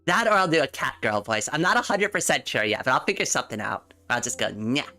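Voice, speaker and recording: Woman streamer, casual chat, bright tone, giggly, faint music behind. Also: deep voice, very animated, fast talker. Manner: chatty, giggly, talks straight to chat and repeats words while thinking. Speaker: livestreamer.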